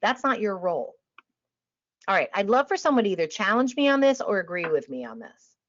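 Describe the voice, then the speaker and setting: A woman giving a passionate, emphatic talk to travel advisors, sometimes dropping to a calm, quiet voice. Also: brisk, slight background noise. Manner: energetic and emphatic, drops to a calm low voice to demonstrate. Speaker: industry trainer on a webinar panel. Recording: dull lo-fi online audio.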